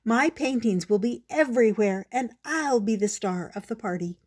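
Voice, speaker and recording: A woman's voice: fairly high pitch, animated, normal speed, a little mellow, dry recording, studio quality. A woman voicing a proud, competitive young male mouse brother in a storybook reading.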